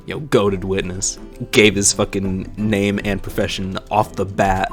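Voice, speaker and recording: A man streaming a game tosses off jokey, profane asides between lines. His pitch bounces around while his pace stays unhurried. Soft music plays faintly behind him. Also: lively intonation. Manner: joking, laughing, profane asides. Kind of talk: live-stream chat and voice acting.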